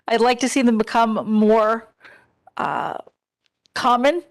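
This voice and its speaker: A woman's voice: fairly high pitch, slow pace. A woman giving earnest, direct testimony as a disability advocate at a public hearing. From Pennsylvania.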